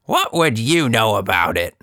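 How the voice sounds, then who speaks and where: A man putting on a shrill, cranky old woman. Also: wildly swooping pitch, slow pace, creaky, pushed and bright, dry recording, clean studio sound, full character voice. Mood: furious. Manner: high, strained, shrill in anger. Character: older woman, cranky, hooked on a phone game.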